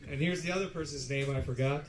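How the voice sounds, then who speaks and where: A man's voice: fairly high pitch, steady tone, fast. A man with a Canadian accent hosting an open mic, teasing the crowd between acts. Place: pub during an open mic night. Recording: clear pub background noise.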